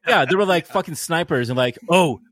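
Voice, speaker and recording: A man's voice: fairly high pitch, animated, quick pace, fairly bright tone, no echo, studio quality. A man chatting casually with friends as a podcast co-host, enthusiastic and swearing freely. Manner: enthusiastic, profane. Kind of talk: casual chat among friends.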